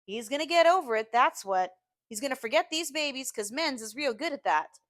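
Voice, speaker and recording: A woman's voice: high-pitched, animated, a little fast, a bit bright, pitched above the performer's own voice. A woman voicing a blunt middle-aged Southern housemaid, firm and plainspoken. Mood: firm reassurance.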